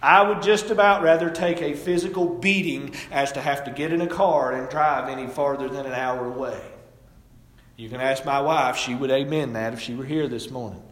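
A middle-aged pastor preaches a sermon in a church sanctuary, his medium-pitched, fairly bright voice moving at normal speed. He tells folksy stories with emphasis that rises and falls, captured by a distant mic in an echoey hall.

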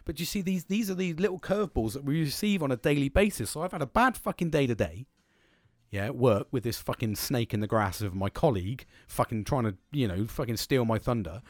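A man's voice: medium pitch, animated, brisk, dry recording, clean studio sound. A man hosting a solo podcast, talking casually in a rambling, heavily profane way with frequent restarts. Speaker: podcast host.

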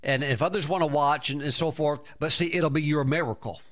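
A man's voice: fairly high pitch, a little fast, a bit bright. A man preaching a sermon, emphatic, breaking into exclamations of praise and often repeating and restarting his words.

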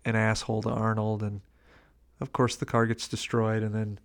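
A man's voice: lowish voice, monotone, normal speed. A man chatting casually about a movie on a podcast, dryly recounting scenes and quoting lines. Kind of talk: casual movie review chat.

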